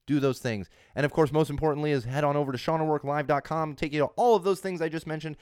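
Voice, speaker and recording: A man in his thirties with a hoarse voice from a cold, hosting a podcast in a casual, rambling monologue with lots of restarts and emphatic repeats. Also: mid-range voice, dry recording, clean studio sound. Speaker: podcast host.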